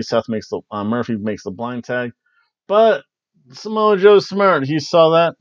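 A man's voice: mid-range voice, no room sound, dull audio. A man hosting a wrestling review podcast, talking casually in a rambling, jokey way and slipping into silly voices. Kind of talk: casual solo recap.

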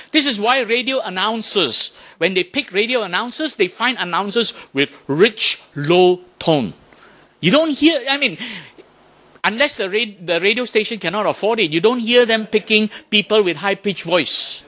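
A man giving a Buddhist dharma talk to an audience, animated, often asking questions and imitating sounds to make his points. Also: high-pitched, moderate pace. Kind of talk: lively talk to a temple audience.

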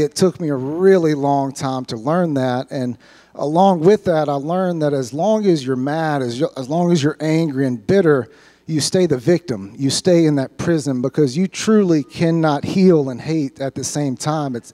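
A man stands before a church congregation and tells his own story with earnest feeling, often repeating a word before going on. His voice sits a bit high for a man and has a mellow, dark tone. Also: moderate pace. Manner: earnest, heartfelt, repeats words when moved. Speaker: church member giving testimony. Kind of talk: personal testimony in church. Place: church sanctuary.

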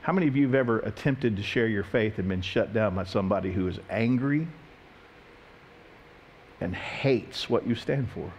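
A man's voice: lowish voice, moderate pace, a little hiss or hum. A pastor preaching a sermon, telling stories and asking his congregation questions. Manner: animated storytelling, questioning the congregation.

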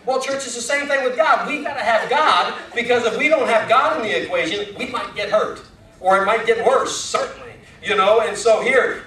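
A man's voice: extremely high pitch, moderate pace, sharp tone. A man preaching a sermon as pastor, talking in a conversational, folksy way with rising emphatic questions, heard from a distant microphone. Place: church sanctuary. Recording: echoey church from far off.

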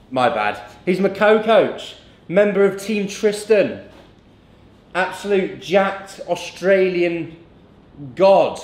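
A young man, a fitness coach, chatting casually in a vlog, joking and swearing freely. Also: medium pitch. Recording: echoey room.

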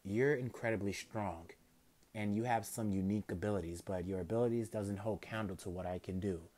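Man reading a calm eight-year-old demon boy: quiet, measured, confident. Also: lightly acted. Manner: calm, low, measured delivery.

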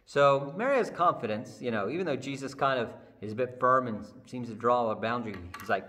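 A man preaching a sermon in a chapel, telling the story with animated, conversational energy. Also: medium pitch, a little fast. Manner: lively storytelling, acts out the Bible characters. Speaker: pastor. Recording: long hall reverb.

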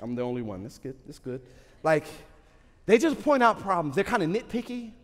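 A man preaching a sermon to his church in a lively, joking, conversational way. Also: high-pitched, a little fast. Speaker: pastor. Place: large church hall. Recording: hall reverb.

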